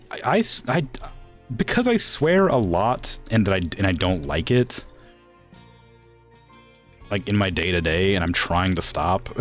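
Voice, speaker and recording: Deep-voiced man chatting while gaming. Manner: chatty, answers chat, laughs between phrases. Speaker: streamer. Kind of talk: casual game stream commentary.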